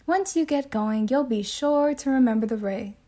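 A woman voicing a gentle, formally spoken mother in a bedtime storybook reading. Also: sits high, lively intonation, normal speed. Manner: formal, kindly.

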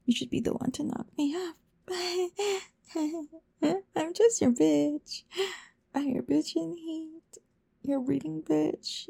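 A woman performs an intimate whispered role-play in a high, slow voice. Her tone is mellow and dark, roughened by vocal fry. She speaks breathily and pleadingly, sighing often.

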